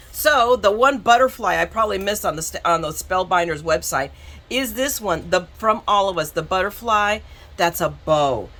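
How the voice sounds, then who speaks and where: A chatty woman from southern Florida unboxes craft supplies at her desk, her voice a touch low yet bright and forward. She rambles, restarts her sentences and teases herself as she goes. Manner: chatty, rambling, self-mocking, with frequent restarts. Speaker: craft vlogger. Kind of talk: casual unboxing chat.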